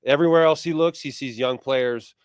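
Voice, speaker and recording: A man co-hosting a sports talk show, chatty and teasing, quickly running through lists of players. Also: mid-range voice, clear, resonant tone, dry recording, studio quality. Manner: chatty, teasing, rattles off names. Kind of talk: sports talk radio chat.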